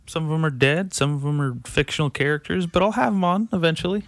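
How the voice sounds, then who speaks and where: Speaking quickly in a slightly high voice with no echo, a podcast host rambles through a solo episode. He swears heavily, runs himself down, sighs frequently, and keeps trailing off into mutters before restarting.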